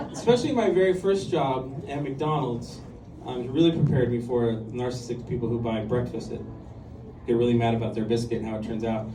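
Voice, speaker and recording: A man in his fifties tells stories in a stand-up set, chatty and self-deprecating, with plenty of ums and likes. His voice sits a bit high for a man. The recording is roomy and taken from well back in the club, with audible room noise behind him. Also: recorded from a distance. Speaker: stand-up comedian. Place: comedy club stage with audience. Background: audience laughter and room ambience.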